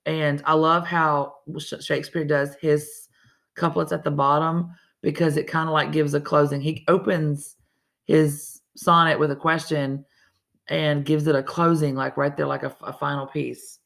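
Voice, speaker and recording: Woman teacher, slightly gravelly, talking casually through a lesson. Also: low-pitched, flat delivery, measured pace, a bit bright. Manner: casual, chatty, restarts often. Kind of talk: recorded classroom lesson.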